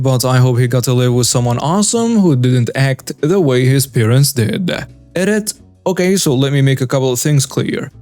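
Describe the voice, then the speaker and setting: Man narrating a story over soft music. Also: mid-range voice, no room sound. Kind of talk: scripted first-person story narration.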